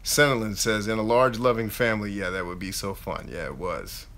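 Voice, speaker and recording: Bright-voiced chatty man hosting a live Q&A. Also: on the low side, fairly quick. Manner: animated, chatty, reads out viewer questions. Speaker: YouTube host answering live chat. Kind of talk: casual live Q&A chat.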